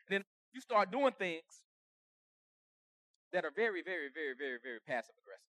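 A man preaching a conversational sermon with humor, acting out everyday quarrels and swinging from soft asides to shouts. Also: on the high side, very animated, fairly quick, long pauses, dry recording, studio quality.

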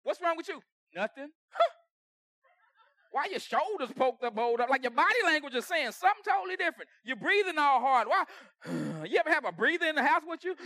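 A man preaching a conversational sermon with humor, acting out everyday quarrels and swinging from soft asides to shouts. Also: very high-pitched, animated, a little fast, no echo, studio quality.

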